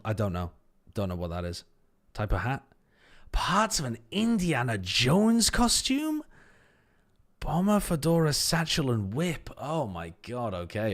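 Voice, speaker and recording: A man hosting a casual livestream, thinking aloud as he works a word puzzle, repeating words under his breath and swearing casually. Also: lowish voice. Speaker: stream host.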